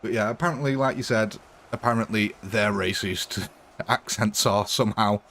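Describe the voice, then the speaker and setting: A man's voice: fairly low pitch, fairly even intonation, normal speed, fairly bright tone, slight background noise. A man casually chatting with viewers during a live stream, rambling and laughing often.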